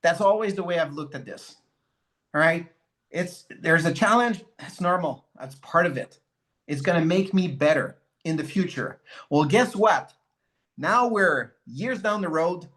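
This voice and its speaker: A man's voice: a little high, a little slow. A man who leads in network marketing, telling a motivational story and acting out the conversations in it. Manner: animated, acts out conversations.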